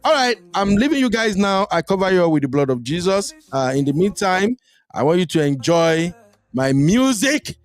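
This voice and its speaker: A man with a Nigerian accent hosting a live chat show, animated and teasing, mixing Pidgin into English. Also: sits high, normal speed, soft background music. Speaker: host.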